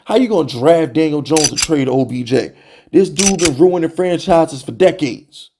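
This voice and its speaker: A young man hosting a sports fan channel, ranting to camera in an exasperated, animated way, full of rhetorical questions and repeated jabs. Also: a little high, normal speed, background noise. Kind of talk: heated fan rant to camera.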